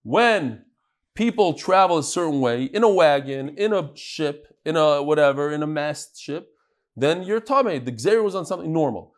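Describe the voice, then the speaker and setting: A man teaching a live Talmud class, lively and chatty, teasing his audience. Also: fairly high pitch, normal speed.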